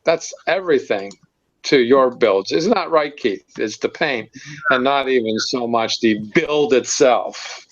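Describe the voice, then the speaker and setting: A man hosting a casual online hobby hangout, talking in halting bursts full of fillers and easy laughter. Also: mid-range voice, highs cut off. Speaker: host of a modeling hangout. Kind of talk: casual video-call chat. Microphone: video call.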